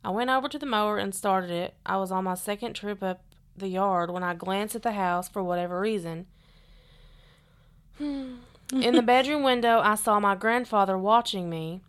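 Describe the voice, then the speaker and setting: A woman co-hosting a podcast, reading listener stories aloud in a steady, earnest way between bits of casual chat. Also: mid-range voice, clean tone.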